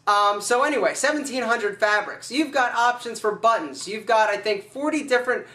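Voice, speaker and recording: A man's voice: high voice, moderate pace, sharp tone, reverberant, distant mic. A man telling a playful, theatrical story and presenting his own video, with big swings in his voice. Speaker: style vlogger. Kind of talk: playful comedic vlog pitch.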